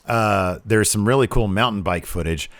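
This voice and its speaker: A man's voice: fairly low pitch, normal speed, no room sound. A man co-hosting a wrestling podcast, chatting casually, laughing easily and drifting into asides. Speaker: podcast co-host. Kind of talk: casual wrestling review chat.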